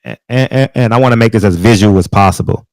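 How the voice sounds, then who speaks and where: A man interviewing a guest, asking halting questions full of restarts and murmuring soft agreement while she talks. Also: fairly low pitch, creaky, dry recording.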